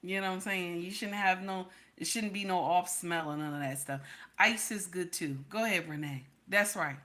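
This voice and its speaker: She speaks at a moderate pace with a fairly low pitch and a bright, forceful tone. As host of a livestream advising women, she talks to her chat, reads out names, and gives blunt, preachy advice, repeating it for emphasis.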